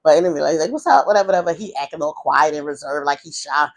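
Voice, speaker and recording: A woman's voice: low voice, fairly even intonation, fast talker. A woman, casually telling a personal story, rambling and restarting often. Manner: rambling, with many restarts and repeated "whatever the case may be". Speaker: vlogger.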